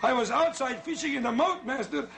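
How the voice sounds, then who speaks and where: A man's voice: very high-pitched, lively intonation, brisk, sharp tone, a little hiss or hum, exaggerated voice. A man voicing a simple-minded, eager servant who fawns over his master in a 1970s children's TV comedy. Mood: fawning.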